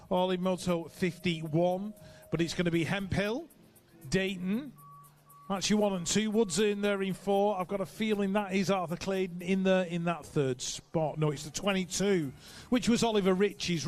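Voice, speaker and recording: A man announcing live races, reeling off rider names and adding chatty asides between calls. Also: high voice. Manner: brisk, reels off rider names. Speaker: race announcer. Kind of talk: live sports commentary. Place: outdoor race track.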